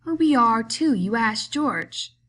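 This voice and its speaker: A woman voicing a big, simple, frightened man-child who talks in a pleading, halting, repetitive way. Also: a little high, lively intonation, a bit bright, a little hiss or hum, pitched above the performer's own voice. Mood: insistent.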